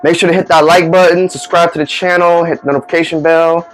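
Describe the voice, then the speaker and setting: Speaking fast in a voice on the high side, a storytime vlogger shares funny stories from his day with his followers while soft music plays behind him. His casual storytelling rambles, stays animated, and includes acted-out dialogue.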